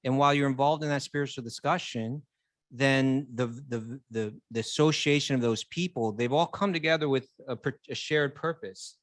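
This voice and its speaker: A man's voice: mid-range voice, moderate pace, a bit bright, no echo. A man co-hosting a casual spiritual chat, earnestly explaining his ideas and building his points step by step. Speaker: co-host.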